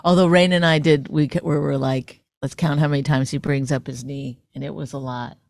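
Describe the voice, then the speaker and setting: A woman co-hosting a podcast, teasing her partner in a dry, low-key way. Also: fairly even intonation, brisk, gravelly, a little mellow, no room sound. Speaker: podcast co-host. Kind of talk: casual chat.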